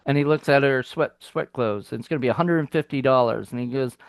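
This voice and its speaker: A man's voice: medium pitch, fast talker, few pauses, no echo. Male co-host, casual rambling film chatter, dry close sound. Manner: rambling, lots of fillers and restarts. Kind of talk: casual chat.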